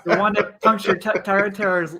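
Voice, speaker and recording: A man's voice: high voice, fairly even intonation, a little fast, bright, forceful tone, slight background noise. A man co-hosting a casual sports podcast, making wry, joking asides.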